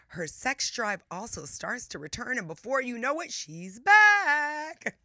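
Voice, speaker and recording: A woman's voice: on the high side, pushed and bright, dry recording, studio quality. A woman hosting a live radio talk show, playful and emphatic, laughing often and stretching words for effect.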